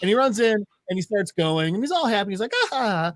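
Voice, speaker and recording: A man's voice: sits high, quick pace, dry recording, clean studio sound. A man co-hosting a podcast segment, retelling a comic in casual chat and acting out the characters' voices as he goes. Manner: animated storyteller, acts out voices.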